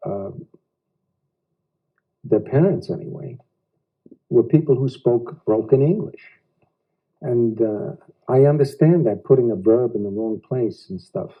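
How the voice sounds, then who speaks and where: An American actor being interviewed at home, speaking reflectively in halting phrases with odd pauses. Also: male voice, medium pitch, slightly rough. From United States. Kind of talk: casual interview talk. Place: living room of a private house. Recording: dull lo-fi 1990s home video.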